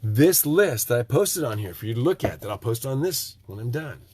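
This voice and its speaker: A man with a nasal Michigan accent, a tiny house builder ranting to his viewers, swinging from loud outbursts to low, hushed asides. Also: sing-song, normal speed, heavy background noise.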